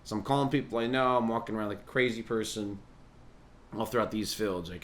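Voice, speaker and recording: Low-voiced man rambling profanely. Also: brisk, a bit bright. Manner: profane, meandering, chuckling asides. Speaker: podcast host and musician. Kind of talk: rambling comedic monologue.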